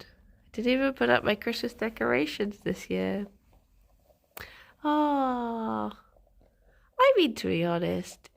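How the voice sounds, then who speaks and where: A woman's voice: mid-range voice, vocal fry. A woman streamer chatting casually on a live stream, congested from a cold, reading out chat messages and laughing often.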